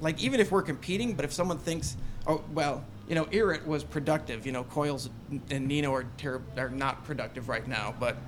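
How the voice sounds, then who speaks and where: A man's voice: a little high, brisk, noisy background. A man co-hosting a casual sports podcast, rambling and swearing as he talks. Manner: rambling, profane, laughs often. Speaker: podcast co-host.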